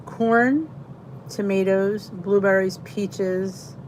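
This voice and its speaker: Slow-talking woman chatting live. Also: medium pitch, steady tone, a little mellow, a little hiss or hum, rough recording. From Philadelphia, Pennsylvania. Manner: chatty, drawn-out exclamations, greets viewers by name. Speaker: host of a live chat stream. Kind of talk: casual live-stream chat reading comments.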